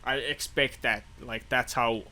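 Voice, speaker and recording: A man's voice: mid-range voice, steady tone, measured pace, pushed and bright, slight background noise. A man co-hosting a podcast, chatting casually and enthusiastically about movies, laughing often. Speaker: podcast co-host. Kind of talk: casual chat.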